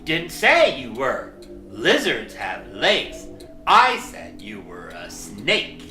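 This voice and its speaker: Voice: medium pitch, huge pitch swings, slow, sharp tone, roomy sound, faint music behind, voice pushed down, heavily acted. A storyteller voicing an indignant little elf. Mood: sly. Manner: indignant, argumentative. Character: small young male elf, indignant.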